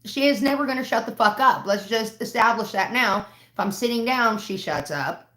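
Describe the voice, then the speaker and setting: A woman's voice: a little high, normal speed, fairly bright tone. A woman on a livestream telling a long, exasperated, profanity-laced story in casual chat. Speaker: livestream host. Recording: roomy echo.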